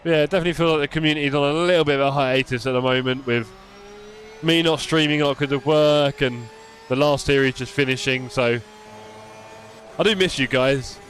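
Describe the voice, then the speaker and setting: A man's voice: medium pitch, steady tone, a little fast, fairly bright tone. Chatty male sim racing streamer. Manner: chatty, answers viewer chat by name, self-deprecating. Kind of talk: casual live-stream chat while racing.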